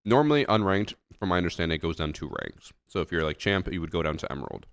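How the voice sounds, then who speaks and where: A man's voice: low voice, expressive, fast, smooth, dry recording, clean studio sound. A man streaming a game and chatting casually with friends, teasing and laid-back. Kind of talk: casual gaming chat.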